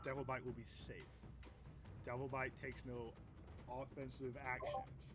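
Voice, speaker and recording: A man's voice: medium pitch, a little slow, over music. A man narrating as game master of a tabletop role-playing game, laughing often and stumbling over repeated words. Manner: animated, laughing, stumbling repetitions.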